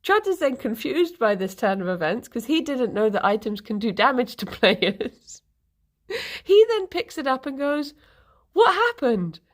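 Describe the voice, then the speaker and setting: A woman's voice: fairly high pitch, animated, normal speed, hardly any pauses. A woman streamer casually telling a rambling story to her live chat, laughing often and correcting herself as she goes.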